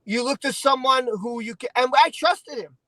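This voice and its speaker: A man hosting a casual stream, venting in an emotional, halting, repetitive way. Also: very high voice, pushed and bright, no room sound, poor audio. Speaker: channel host.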